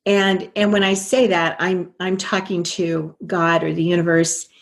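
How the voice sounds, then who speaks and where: A woman's voice: on the low side, little pitch movement, a little slow, gravelly. An older woman, a guest in an interview, telling her story earnestly and quoting her own past thoughts.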